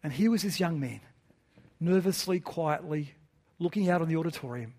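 A man's voice: fairly high pitch, animated, moderate pace, a little mellow. A man preaching to his church in an earnest style, with rhetorical questions and repeated phrases. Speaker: pastor. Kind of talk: sermon.

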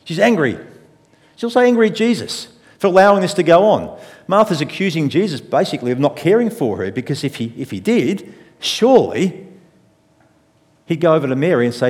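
A man preaching a sermon in a measured, reflective way, often using rhetorical questions. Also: on the high side, sing-song, darkish tone, long reverb tail. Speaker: pastor.

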